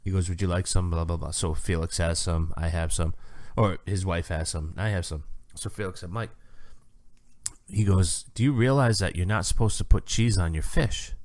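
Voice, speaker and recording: A deep-voiced man telling a restaurant story on a podcast. He talks casually and acts out the waiters' lines as he goes. His voice sits close and dry, with no room sound. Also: moderate pace, darkish tone, dry recording. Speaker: podcast co-host. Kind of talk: casual chat.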